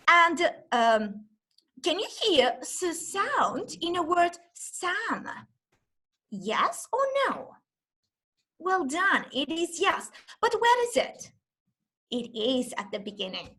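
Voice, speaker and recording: A woman giving an online teaching demonstration, talking as if to a class of young children and sounding out letters slowly and with exaggeration. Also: sits high, sing-song, sharp tone. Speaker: teacher trainer. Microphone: video call.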